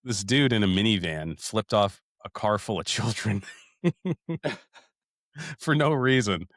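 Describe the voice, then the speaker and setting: A man in his thirties on a casual podcast, spinning profane, rambling stories in a lowish voice. The sound is close and dry, with no room around it. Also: expressive, a little slow, fairly bright tone, no room sound. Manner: profane, rambling storyteller, calls listeners "dude". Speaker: podcast co-host.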